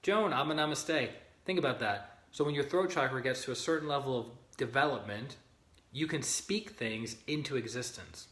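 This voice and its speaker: A man's voice: mid-range voice, moderate pace, fairly bright tone. Man teaching in a roomy echo. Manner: conversational, greets viewers by name, checks in with "okay?" and "right?". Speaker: spiritual teacher leading a group. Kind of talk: informal livestream teaching, reading aloud from a book.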